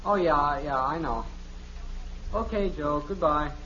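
Naive teenage son, casual unpolished talk, dull lo-fi old radio recording. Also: male voice, a little high, slow, pushed and bright, slight background noise. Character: good-natured teenage boy, plain and easygoing son. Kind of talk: 1950s radio sitcom acting.

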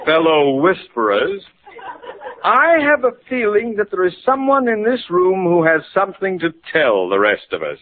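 A jovial, nosy family friend. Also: male voice, high-pitched, huge pitch swings, moderate pace. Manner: hearty, coaxing. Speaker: neighbor friend. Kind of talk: 1940s radio sitcom acting. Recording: tinny old radio broadcast with hiss.

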